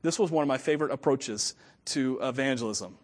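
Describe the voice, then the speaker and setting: A man preaching a storytelling sermon, animated, with frequent chuckles and stammered restarts. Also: medium pitch, a little fast. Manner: chuckles often while talking.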